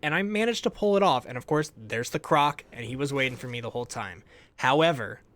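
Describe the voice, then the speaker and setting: Young male gamer, casual animated recap voice, middle pitch, phrases trailing off. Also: quick pace. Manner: animated storytelling, laughs often, trailing off quieter at ends of phrases. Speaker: gaming YouTuber.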